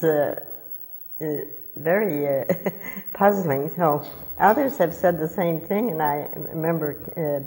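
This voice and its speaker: An older woman with a low voice shares memories in front of a gathering. She laughs often and puts on a higher voice for quoted lines. Her words ring out with the long reverb of a large hall. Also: a little mellow. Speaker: family member recounting memories. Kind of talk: casual storytelling to a group.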